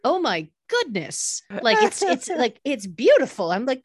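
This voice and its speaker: A woman's voice: sits high, huge pitch swings, unhurried, husky, no room sound, studio quality. A woman co-hosting a wrestling podcast, talking casually in a rambling way with many fillers and restarts. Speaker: podcast co-host. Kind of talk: casual chat.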